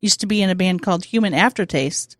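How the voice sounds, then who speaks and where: A woman's voice: on the low side, fast, dry recording, clean studio sound. A woman co-hosting a podcast in casual, joking chat. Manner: joking, playful banter. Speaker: podcast co-host.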